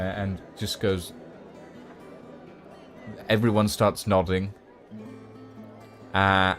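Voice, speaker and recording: A man running a tabletop game as game master, narrating scenes with many fillers and pauses. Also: fairly low pitch.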